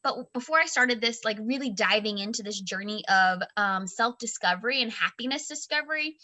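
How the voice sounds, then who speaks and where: High bright-voiced woman in her 30s, chatty and animated, storytelling on a book club show. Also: fairly quick. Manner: animated, expressive, acts out quoted voices. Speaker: book club podcast co-host. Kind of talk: casual storytelling chat.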